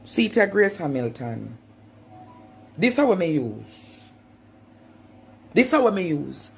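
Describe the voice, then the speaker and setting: Woman, Jamaican accent, husky voice, very lively swooping pitch, taunting, repeats lines. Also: takes it slowly. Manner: taunting, preacher-like, repeats phrases. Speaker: vlogger. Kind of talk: confrontational monologue.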